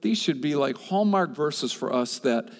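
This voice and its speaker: Male pastor, impassioned sermon delivery, fairly high voice, loud peaks and hushed asides, long hall echo. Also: expressive, unhurried. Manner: impassioned, swings from loud and high to soft, repeats himself.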